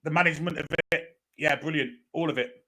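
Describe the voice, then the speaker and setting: A man's voice: on the high side, fairly even intonation, brisk, pushed and bright. A man co-hosting live fan commentary on a football match, chatty and jokey, sometimes swearing. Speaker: fan channel co-host.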